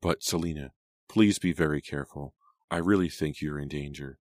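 A man voicing a worried teenage girl who talks softly and scolds her best friend in an audiobook. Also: normal speed, no room sound, clean studio sound. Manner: soft and low, scolding.

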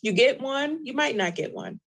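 A woman's voice: high-pitched, lively intonation, normal speed, gravelly, fairly bright tone, poor audio. A woman co-hosting a casual chat show, explaining practical money tips plainly with asides. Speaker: co-host.

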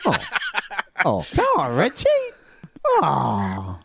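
A man's voice: medium pitch, wildly swooping pitch, very slow, creaky, a bit bright, slightly rough, no room sound, studio quality. A man hosting a radio phone-in quiz, bantering matily with callers. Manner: upbeat, matey banter with callers. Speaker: radio breakfast host.

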